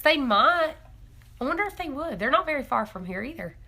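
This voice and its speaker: A young woman hosts a casual homestead live stream. Her voice is bright and ringing, and she chats along with frequent giggles while answering viewer comments. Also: high voice, big pitch swings, brisk. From East Tennessee. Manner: chatty and giggly, reads viewer comments aloud. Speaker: homestead livestream host.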